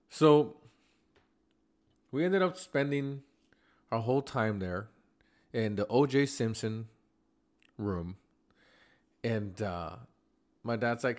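A man tells a story on his podcast in a low voice. He is animated, quotes the people he met, and swings between loud bursts and near-mutters. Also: unhurried, pauses often. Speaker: podcast host. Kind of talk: casual storytelling. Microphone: remote podcast mic.

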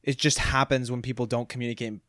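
A young man hosting a podcast in a relaxed, agreeable casual chat, sometimes searching for words. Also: medium pitch, quick pace, dry recording, studio quality. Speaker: podcast host.

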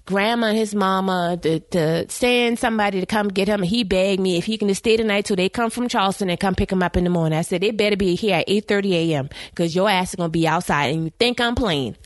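A woman, hosting a podcast and telling a story in casual chat, animated and laughing, acting out what people said. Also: medium pitch, quick pace, hardly any pauses, no room sound, studio quality. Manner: animated, laughing, acts out quotes. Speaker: podcast host.

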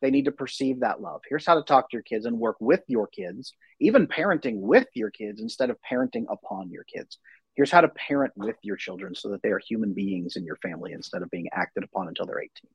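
A man in his thirties, a parenting coach, talking in an animated, conversational way as an interview guest. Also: fairly low pitch, brisk, slightly rough, no echo, dull audio. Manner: animated, acts out voices in anecdotes.

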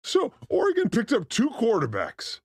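A man hosts a loose comedy livestream, cracking crude jokes and sliding into silly accents. His voice has a gravelly edge and leaps all over the place. The sound is close and dry. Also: very high voice, wildly swooping pitch, normal speed, a little mellow, dry recording. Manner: crude, joking, slips into put-on accents. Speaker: livestream host.

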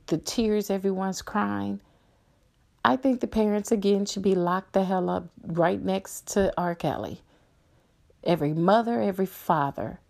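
Middle-aged woman on her podcast, gravelly low-toned voice, angry and blunt, cussing a lot. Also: a little mellow. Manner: blunt, angry, profane ranting. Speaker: podcast host. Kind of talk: solo opinion podcast.

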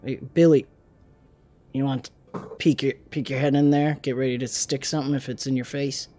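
Player voice, mid-pitch, brisk, commanding in-character banter. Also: little pitch movement, warm tone. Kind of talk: in-character tabletop play.

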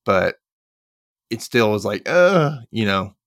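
Speaking in a lowish, sing-song voice with a fairly bright tone, a man recaps a TV episode on his podcast. There's no echo and the sound is studio quality; he retells scenes casually, tossing in quick voiced lines.

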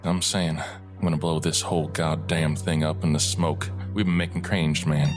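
A man voicing a grim man set on his own doom in a tabletop role-play, speaking with heavy, halting, stammering resolve. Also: rumbling low, level tone. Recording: clear music underneath.

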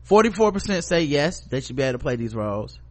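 A man's voice: on the high side, big pitch swings, fast, a little mellow. A man co-hosting a podcast in casual chat, giving blunt, profane, opinionated commentary. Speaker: podcast co-host.

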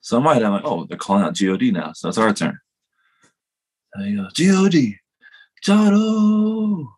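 A man's voice: lowish voice, quick pace, breathy edge. A man telling self-mocking stories in a casual chat, rambling and laughing at himself.

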